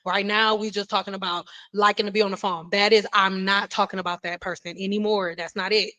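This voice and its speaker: Woman, livestream host, casual chat, rambling, apologetic, middle-pitched voice. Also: flat delivery, a little fast, sharp tone, poor audio. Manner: chatty, rambling, apologetic, with many restarts. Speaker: beauty vlogger and livestream host.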